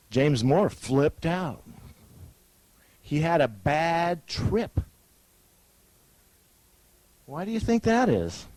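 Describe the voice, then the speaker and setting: A man tells a story with a rising, falling, very lively voice. He acts out the people he quotes and laughs at his own jokes. The sound is dry and close. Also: medium pitch, dry recording, low-quality recording. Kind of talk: animated storytelling talk.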